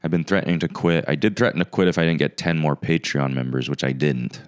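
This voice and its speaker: Male podcast host, low smooth voice, sarcastic mock-arrogant banter, casual comic monologue. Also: fairly even intonation, quick pace, dry recording, clean studio sound.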